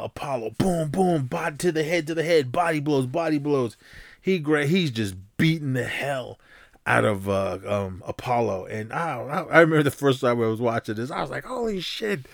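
A man's voice: mid-range voice, no echo, studio quality. A man hosting a podcast, retelling a film scene in a loose, rambling way and acting out punches with sound effects. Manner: animated storytelling, acts out scenes with sound effects; loose and rambling, many fillers and restarts. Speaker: podcast host. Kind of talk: casual movie recap.

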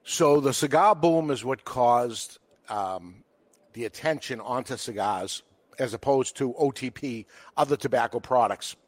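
A man's voice: mid-range voice, measured pace, no echo. A man with a Boston accent, a cigar retailer talking casually on a podcast and acting out quotes as he tells stories. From Boston, USA. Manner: animated storyteller, acts out quotes.

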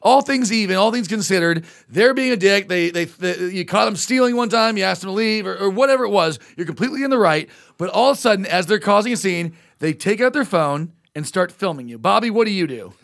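Podcast host, male, very high voice with gravel in it; rambling, animated storyteller. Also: brisk, hardly any pauses. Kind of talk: casual chat.

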